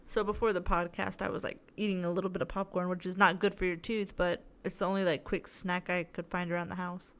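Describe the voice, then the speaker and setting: A woman's voice: fairly low pitch, level tone, brisk, hardly any pauses, fairly bright tone. A young woman hosting her own podcast, telling a long story in a rambling, chatty way, tired and in tooth pain. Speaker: podcast host. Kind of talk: casual solo podcast chat.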